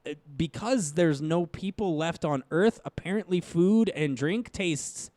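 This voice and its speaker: A young man co-hosting a casual movie review podcast, animated and swearing freely as he mocks scenes. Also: fairly high pitch, a little slow, no echo. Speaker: podcast co-host.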